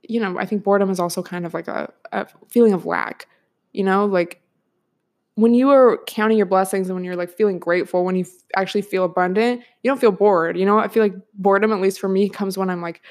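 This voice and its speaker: A woman's voice: mid-range voice, fairly even intonation, fast talker, a little mellow. A young woman in her twenties hosting a solo podcast, talking casually and rambling with lots of filler words and frequent laughs. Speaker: podcast host.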